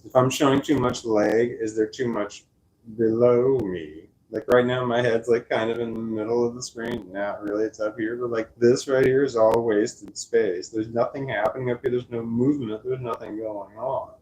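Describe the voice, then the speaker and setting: A man's voice: mid-range voice, fairly even intonation, moderate pace, darkish tone, a little hiss or hum, rough recording. A man vlogging from his couch at home, rambling casually into a microphone and correcting himself as he goes. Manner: chatty, meandering, self-correcting; doting baby-talk to his dog. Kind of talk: casual rambling talk to camera. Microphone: desk microphone.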